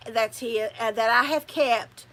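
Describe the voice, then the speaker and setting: An older woman talks in a slow, easy drawl, wandering from thought to thought in folksy chat. Her voice sits a little high and comes across bright and lively. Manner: rambling, chatty, folksy. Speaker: channel host. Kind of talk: casual livestream chat.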